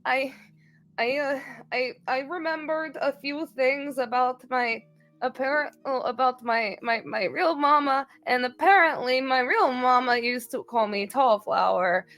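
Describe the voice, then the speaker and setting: A woman voicing a young woman in a tabletop game who speaks in halting, tearful stammers about her lost family. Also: sits high, a bit bright.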